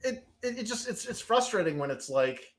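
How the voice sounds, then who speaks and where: A man's voice: sits high, sing-song, moderate pace, a loud crowd. A man, a comic book author, chatting casually as a guest and laughing often. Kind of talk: casual chat.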